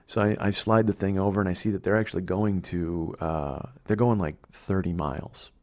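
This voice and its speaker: A man's voice: deep voice, fairly even intonation, moderate pace. A middle-aged man hosting a podcast, telling a rambling, profane comedic story in a conversational way. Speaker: podcast host.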